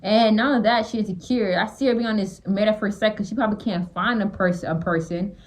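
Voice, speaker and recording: A woman's voice: medium pitch, fairly even intonation, quick pace, a little hiss or hum, rough recording. A woman giving blunt, exasperated reaction commentary on a reality show as a small YouTuber, often repeating and restarting her phrases.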